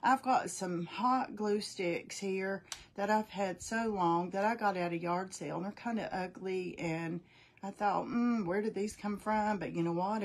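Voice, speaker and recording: A woman's voice: lowish voice, slightly rough. Chatty middle-aged woman demoing crafts. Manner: chatty, folksy, thinks aloud while working; greets viewers by name. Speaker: craft demonstrator. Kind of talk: casual live crafting demo.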